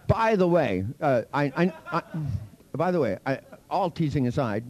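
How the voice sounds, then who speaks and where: A man's voice: on the high side, big pitch swings, moderate pace, darkish tone. A man teaching a hypnosis seminar to a live audience, telling anecdotes in a blunt, profane, teasing way. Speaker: hypnosis instructor.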